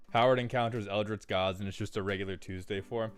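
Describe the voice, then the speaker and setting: A male streamer chats with his live audience in an upbeat, casual way, greeting viewers one by one. His voice sits fairly low and sounds smooth and clear, with soft music playing faintly behind him. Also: steady tone, quick pace, few pauses.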